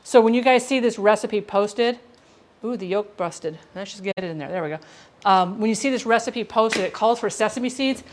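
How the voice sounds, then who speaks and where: A woman's voice: mid-range voice, moderate pace. A woman hosting a chatty live cooking stream, talking viewers through each step of a recipe and chatting with them as she goes. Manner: talks viewers through each step while reading chat. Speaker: home cook streamer.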